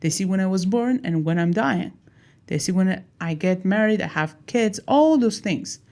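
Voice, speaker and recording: Animated woman explaining with a mellow voice. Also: medium pitch, normal speed. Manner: animated, acts out little dialogues, laughs at herself. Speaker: teacher. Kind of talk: casual explanatory talk.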